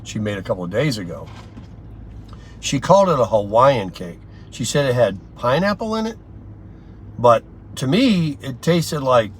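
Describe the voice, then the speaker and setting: An older man with a mid-pitched voice talks casually into a camera from his car. His story wanders, broken up by ums, pauses and restarts. Nothing about his voice is unusual. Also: slight background noise. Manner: rambling, chatty storytelling with frequent pauses and fillers. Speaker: vlogger. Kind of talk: casual daily vlog chat.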